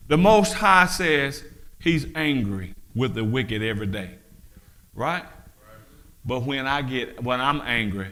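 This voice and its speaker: A man preaching a sermon, fiery and full of rhetorical questions, climbing to shouts. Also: medium pitch, animated, slow pace, pauses often. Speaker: pastor.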